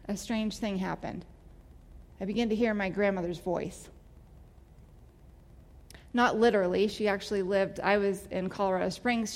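A woman giving a personal testimony, telling her story in a candid, emotional way. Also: medium pitch. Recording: long hall reverb.

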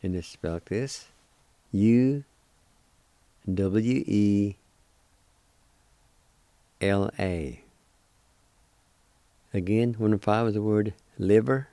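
A male radio host giving a language lesson, spelling and pronouncing words slowly and deliberately. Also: fairly low pitch, mellow, no echo.

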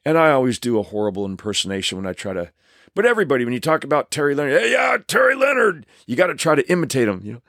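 A man in his sixties with a mid-pitched voice tells stories from his stunt career, circling back and restarting his sentences as he goes. The sound is close and dry, with no room echo. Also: rapid-fire. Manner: animated, rambling with many restarts. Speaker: stunt performer. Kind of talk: storytelling, reminiscing.

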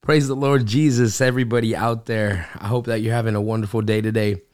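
Middle-aged male Bible-study podcast host, low voice, chatty and rambling, dry close sound. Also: steady tone, brisk, darkish tone, no echo. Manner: upbeat and rambling, with frequent restarts. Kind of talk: casual devotional podcast talk. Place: home recording studio.

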